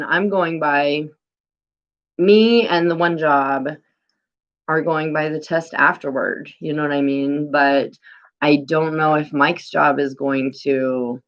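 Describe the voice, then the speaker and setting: Low-pitched middle-aged woman hosting a phone live stream, rambling vent with swearing, dull lo-fi sound. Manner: animated, rambling, swears, lots of "you know what I mean". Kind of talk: venting casual live stream.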